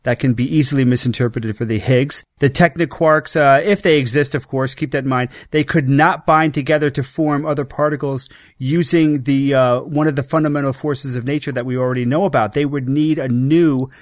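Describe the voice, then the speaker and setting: A man's voice: mid-range voice, fairly even intonation, a little fast, hardly any pauses, no room sound, studio quality. A man on a talk show eagerly explaining a physics story, with many fillers and restarts. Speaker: show regular. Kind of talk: casual chat.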